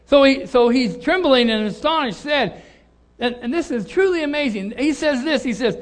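High-voiced animated male pastor. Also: normal speed. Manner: animated, repeats phrases for emphasis. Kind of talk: sermon.

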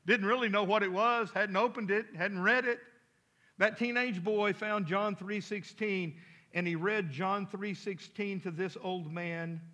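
A pastor telling a story during a sermon in a church, in an animated, dramatic way. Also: male voice, sits high.

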